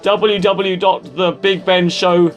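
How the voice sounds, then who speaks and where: A man's voice: sits high, little pitch movement, measured pace, faint music behind. A man hosting a podcast interview, chatting casually and rambling with self-deprecating asides. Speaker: podcast host.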